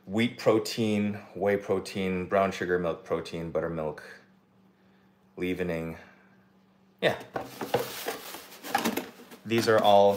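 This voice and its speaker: A man, a former restaurant cook, chatting casually while he cooks in his home kitchen and talking to his dog. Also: low-pitched. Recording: echoey room with background noise and clicks.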